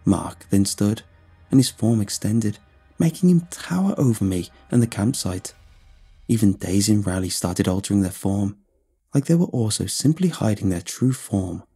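A man narrating a scripted horror story in a steady, measured way. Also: on the low side, creaky, husky.

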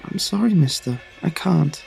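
A man's voice: animated, moderate pace, gravelly, a little mellow, soft background music. A man voicing a frightened young boy who is home alone and pleading through a locked door. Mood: nervous pleading. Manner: pleading, high and strained.

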